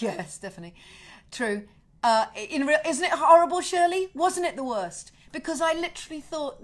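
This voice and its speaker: A middle-aged woman hosting a casual home livestream, telling a story in an indignant, sweary, animated way. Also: high voice. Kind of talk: casual chat to viewers.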